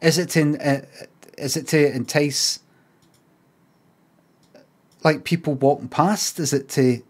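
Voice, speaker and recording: A middle-aged Scottish man streaming, chatting casually, rambling and swearing, and mocking signs in lively put-on voices. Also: on the high side, slow pace, pauses often, husky. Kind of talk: casual livestream chat.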